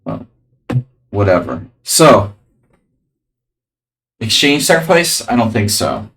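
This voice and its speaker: A man's voice: lowish voice, huge pitch swings, takes it slowly, gravelly, a bit bright, far from the mic, faint music behind, rough recording. A man streaming chess, thinking aloud over his moves with dry, jokey asides. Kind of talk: live-stream chess commentary.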